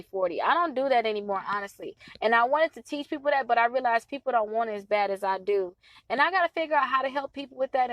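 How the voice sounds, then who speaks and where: A woman's voice: on the high side, dry recording. A woman in her thirties coaching on credit repair in a casual, chatty talk to her followers, pleading and emphatic. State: stuffy nose from allergies.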